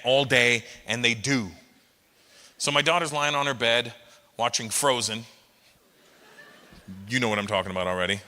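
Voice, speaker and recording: A middle-aged man doing a stand-up comedy set, animated and breaking into loud shouted impressions. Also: medium pitch. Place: live comedy venue with an audience. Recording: long reverb of a large hall.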